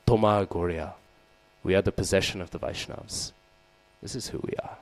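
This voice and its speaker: A man giving a scripture class preaches to a group at a moderate pace, his voice low and deep, in a rough recording. He brings the story to life by acting out the quoted figures, and he questions his listeners, frequently adding "right?" and "hmm?"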